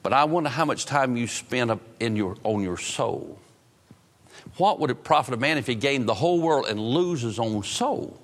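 A man preaching a sermon, swinging from loud outbursts to low, drawn-out phrases. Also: lively intonation. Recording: long hall reverb.

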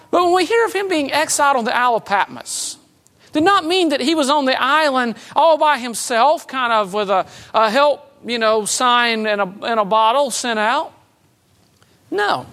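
A woman preaching a sermon in a conversational way, with light humor and emphatic swings between loud and soft. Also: a little high.

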